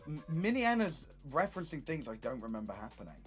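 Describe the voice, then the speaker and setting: A young man streaming, telling stories in casual chat, animated and swearing often. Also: on the high side, fast talker, faint music behind.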